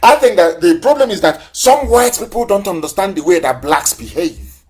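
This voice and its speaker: Man, raised pitch, fiery live broadcast address, hammers points with repeated questions and taunts. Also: expressive, normal speed, breathy edge. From southeastern Nigeria. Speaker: movement leader on a live broadcast.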